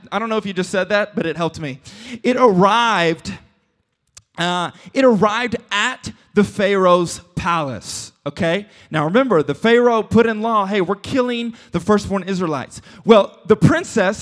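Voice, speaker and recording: A man preaching a casual, joking sermon as a pastor, retelling a story with quick asides and playful voices for its characters. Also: sits high, a bit bright.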